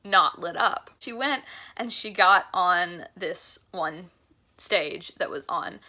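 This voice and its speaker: A woman's voice: fairly low pitch, animated, takes it slowly, pushed and bright. A young woman vlogger telling a concert story in a chatty, gushing way, full of "like" fillers. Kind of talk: casual storytelling vlog.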